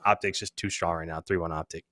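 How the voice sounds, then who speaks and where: A man who coaches esports, talking casually as a podcast guest and giving steady predictions. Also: low-pitched, quick pace, no echo, studio quality.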